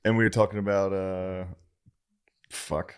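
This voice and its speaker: A man's voice: deep voice, level tone, unhurried, clear, resonant tone. A man co-hosting a comedy podcast in casual chat, mostly giving short agreements and crude, wry asides. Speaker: podcast co-host.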